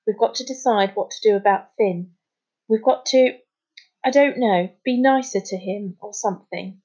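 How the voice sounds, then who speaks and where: A woman's voice: medium pitch, normal speed, mellow, breathy edge. A woman reading as Jazz, a stern bossy girl. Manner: firm, stern. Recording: slightly muffled recording.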